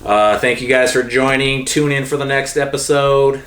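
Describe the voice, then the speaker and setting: A man's voice: mid-range voice, fairly even intonation, normal speed, fairly bright tone, slight background noise. A man hosting his own podcast, chatting casually and joking with plenty of swearing. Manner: profane, joking. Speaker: podcast host. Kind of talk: casual chat.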